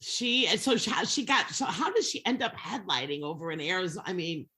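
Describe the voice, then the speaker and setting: A woman hosting a podcast, chatting in an excitable, rambling and profane way. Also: on the low side, a little fast. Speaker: podcast host. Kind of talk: casual chat.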